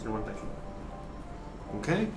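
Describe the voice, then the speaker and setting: A man's voice: on the low side, sing-song, a little slow, roomy sound, over loud music. A man hosting a casual cooking livestream, chatting and explaining each step, cursing now and then. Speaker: cooking show host.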